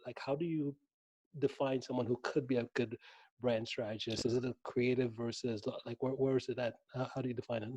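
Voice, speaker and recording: Man, interview host, mellow tone, dry close sound, rambling questions. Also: mid-range voice, steady tone, a little fast, breathy edge, no echo. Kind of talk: casual live-stream interview.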